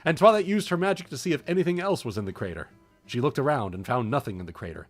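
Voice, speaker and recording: A man's voice: medium pitch, animated, fast, faint music behind. Amused man reading a story aloud. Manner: amused, breaks into laughter, ad-libs. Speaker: streamer reading fan stories.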